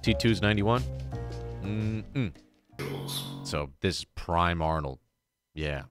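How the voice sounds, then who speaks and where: A man's voice: low-pitched, measured pace, pauses often, soft background music. A man casually reacting to old commercials with crude, joking banter.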